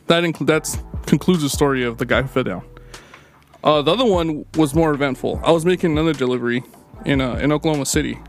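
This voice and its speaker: A man co-hosting a casual podcast, telling rambling, profane stories packed with fillers. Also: fairly high pitch. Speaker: podcast co-host. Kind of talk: casual storytelling chat.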